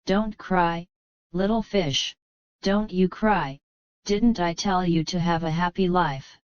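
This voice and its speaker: Brief: mischievous boy hero in a storybook, voiced by a woman. Slow, clean delivery, slightly muffled sound. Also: fairly low pitch, clean tone, dry recording. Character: cheeky mischievous young male martial hero.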